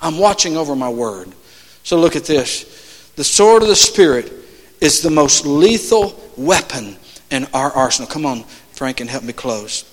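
A man preaching a sermon in a church, impassioned and building to loud, emphatic peaks. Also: fairly high pitch, unhurried. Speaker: pastor. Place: church sanctuary. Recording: long church hall reverb.

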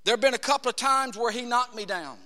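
A man preaching a dramatic sermon in a church, acting out voices and swinging between hushed tones and shouts. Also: extremely high pitch, fast talker, long reverb tail. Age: 30s.

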